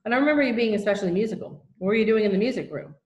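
A man's voice: high-pitched, very fast, reverberant, lightly acted. A woman doing a stern, sarcastic headmaster. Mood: irritable. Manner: sharp and scolding.

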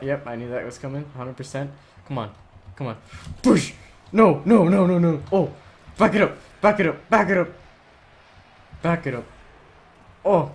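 Excitable man yelling over gameplay. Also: mid-range voice, slight background noise. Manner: excitable, yells and laughs at plays. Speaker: gaming channel host. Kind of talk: live gameplay commentary.

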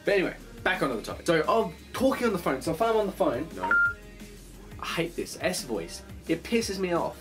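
A young man vlogging from his bedroom in a casual rambling monologue, animated, swearing a lot and acting out the voices of phone calls. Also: a little high, a little fast, loud music behind the voice.

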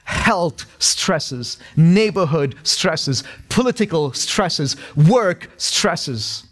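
A man's voice: on the high side, expressive, extremely slow, fairly bright tone. A male pastor in his thirties preaching a sermon in a church, emphatic and repetitive, with touches of humor. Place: church sanctuary.

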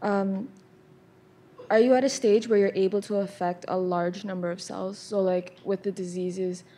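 A woman's voice: medium pitch, steady tone, moderate pace, warm tone. A woman in the audience asking a question tentatively, with fillers.

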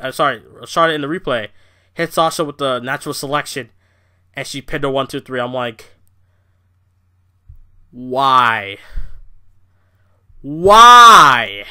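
Ranting young man with a sharp bright voice. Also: a little high. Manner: profane, ranting, animated. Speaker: wrestling review vlogger. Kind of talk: casual rant review.

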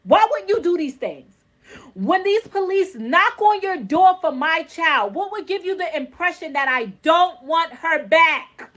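A woman's voice: very high voice, lively intonation, a little slow, fairly bright tone. A woman in her thirties, a mother venting in an exasperated, repetitive, pleading way in a vlog rant.

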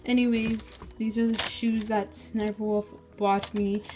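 A woman's voice: mid-range voice, level tone, measured pace, music in the background. A woman vlogging casually to camera, gushing and rambling with lots of "like" and "so". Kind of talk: casual unboxing vlog.

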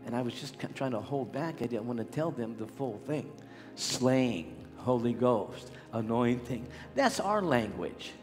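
An older man preaching a revival sermon as a healing evangelist, calling out to the crowd. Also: medium pitch. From Pittsburgh area, USA. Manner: exhorting, calls out to the crowd. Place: large church sanctuary. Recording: reverberant hall with music.

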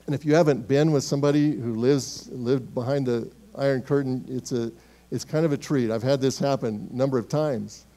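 A man preaching a sermon as pastor in a church, emphatic and swinging between loud declarations and hushed, quiet words. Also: mid-range voice, brisk. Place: church sanctuary.

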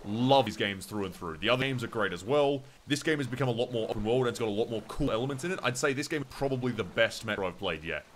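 A young Australian man with a medium-pitched voice talks fast with few pauses while gaming, over a little hiss or hum. As a streamer he chats casually, swears, and reads viewers' chat aloud in his gameplay commentary.

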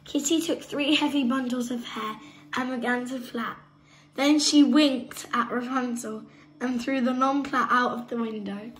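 Expressive woman reading a storybook. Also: sits high, measured pace, poor audio. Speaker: storybook reader. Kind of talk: reading a picture book aloud.

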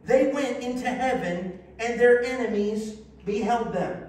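A man with a high, bright-pitched voice preaches in a very echoey church sanctuary, heard from a distance. He reads scripture aloud and keeps breaking off to lead the congregation in call-and-response. His delivery is lively and exclamatory, with teasing asides to the room. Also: unhurried. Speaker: pastor. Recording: very echoey hall, voice from afar, faint hiss.

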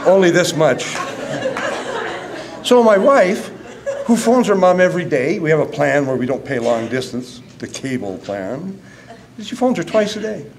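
Animated man telling a funny story. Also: on the high side, normal speed, crowd noise. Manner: animated storyteller, laughing, then earnest. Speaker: conference speaker, school counselor. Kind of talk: humorous conference talk. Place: conference room.

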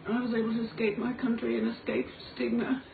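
A woman's voice: fairly high pitch, little pitch movement, fast, gravelly, recorded from a distance. An Irish woman pours out a raw, profane, pleading confessional monologue. Her voice comes from a little way off the mic, through tinny, phone-like audio. It bounces around an echoey room with a faint hiss underneath. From Ireland. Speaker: singer making a personal video. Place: motel room.

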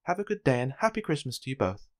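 A man voicing a cheerful, kindly little woman in a storybook, bright and friendly. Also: mid-range voice, very animated, fast talker, pitched above the performer's own voice, lightly acted.

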